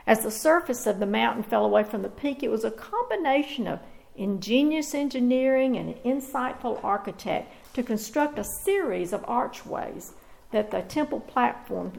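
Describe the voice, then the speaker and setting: Woman preaching with a gravelly edge. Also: a little high, darkish tone, low-quality recording. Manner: measured, earnest preaching with deliberate pauses. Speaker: pastor. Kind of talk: sermon.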